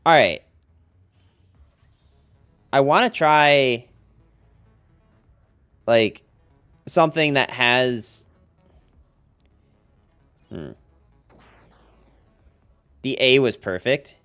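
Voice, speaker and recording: An American man talking through a card game on his live stream, chatty and playful as he teases his chat. His voice sits at a medium pitch but moves around a lot. Faint music plays under him. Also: lively intonation, drawn-out words, long pauses, a bit bright, smooth. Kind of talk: casual gameplay commentary.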